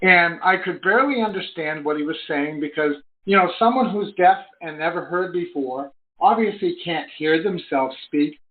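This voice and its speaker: A middle-aged man, an online business coach, telling a story in earnest on a live conference call, his voice rising high when excited. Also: moderate pace, hardly any pauses. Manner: earnest storytelling, swings between low and high excited pitch. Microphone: phone call line. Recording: tinny phone line.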